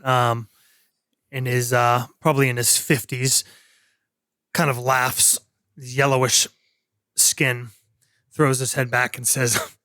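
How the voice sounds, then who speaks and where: Slow-talking man running a tabletop game. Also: mid-range voice, a bit bright, dry recording, clean studio sound. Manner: halting, many fillers and restarts. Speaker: game master.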